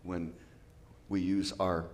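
A man preaching a sermon as pastor, lively and joking with asides. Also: low voice, slow pace. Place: church.

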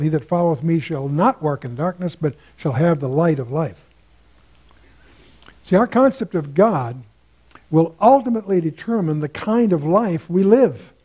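A man's voice: on the high side, warm tone. An older man teaching a Bible study lecture in a musing, digressive way, lifting his voice when he quotes scripture.

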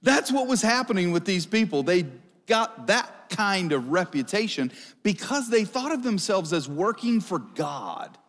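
A man's voice: high-pitched, big pitch swings, unhurried, fairly bright tone. A male pastor preaching a conversational sermon, asking the congregation questions. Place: church service hall. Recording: long hall reverb.

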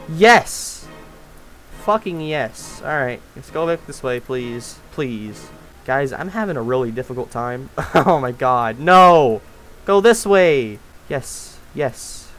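A young man doing rage gameplay commentary, cursing, pleading with and shouting at the game, from low mutters to loud yells. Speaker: gaming YouTuber. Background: game music.

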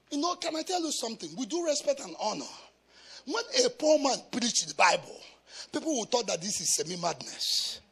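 A man from Africa preaching a sermon as a pastor, shouting in a sing-song chant with bursts of speaking in tongues. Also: sits high, creaky, breathy edge. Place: church.

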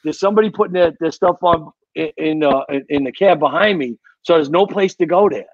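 A man with a gravelly New voice rambles through old stories, circling back on his words. His voice sits a little high. The sound is dry and slightly dull. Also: brisk, no room sound. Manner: rambling, repeats words, tells war stories. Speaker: guest, retired fire captain. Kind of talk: casual storytelling.

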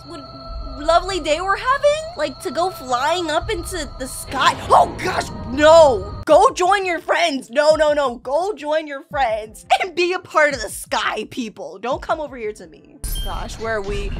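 A young woman hosting a reaction video, reacting excitably to scary clips with shrieks and laughs. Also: high voice, unhurried, hardly any pauses. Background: music from the clips.

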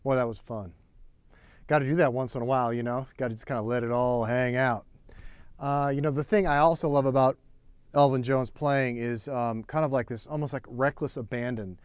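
A man giving a relaxed, chatty drum lesson, counting beats aloud as he plays. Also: medium pitch, brisk, clear, resonant tone, dry recording. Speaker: drum teacher. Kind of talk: casual spoken drum lesson.

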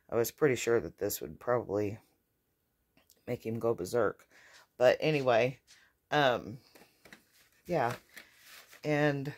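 Brief: woman vlogger, unhurried, meandering talk, lots of "um" and restarts, phone-recorded at home. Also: rumbling low, darkish tone. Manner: rambling, hesitant, many fillers and restarts. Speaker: vlogger caring for her dogs. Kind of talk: casual home vlog chat. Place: inside her home. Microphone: phone camera.

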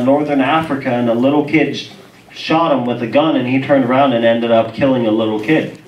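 A young man preaching in a church, telling a testimony story with animated voices and frequent laughter. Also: mid-range voice, slight background noise. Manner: animated storytelling, acts out dialogue, laughs often. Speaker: guest preacher. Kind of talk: sermon testimony. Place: church sanctuary. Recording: roomy church audio, mic far off.

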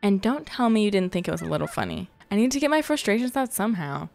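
A woman's voice: medium pitch, very animated, quick pace, vocal fry, darkish tone, faint music behind. A woman voicing a sassy, rebellious teenage witch girl as she reads game dialogue aloud, sarcastic and dismissive.

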